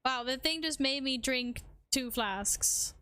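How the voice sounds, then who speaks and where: A woman's voice: high voice, bright, forceful tone, dry recording. A woman streaming a game, chatting casually with her viewers and her cat and humming little tunes in between. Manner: talks to chat and her cat, quick self-deprecating asides. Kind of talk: casual live-stream chat while gaming.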